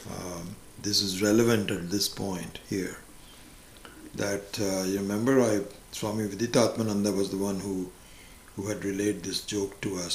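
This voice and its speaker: Slow, gravelly male teacher in a hall. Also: lowish voice, a bit bright, slight background noise. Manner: deliberate storyteller, acts out voices. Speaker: spiritual teacher. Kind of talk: scripture class lecture. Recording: roomy hall echo.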